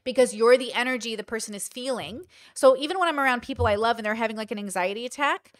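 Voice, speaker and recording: A woman's voice: a little high, fast talker, no room sound, studio quality. A woman hosting a commentary channel, telling a personal story candidly in casual talk and acting out quoted lines.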